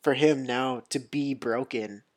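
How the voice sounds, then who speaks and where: A man in casual podcast chat, relaxed and chatty, with many filler likes. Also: medium pitch, measured pace.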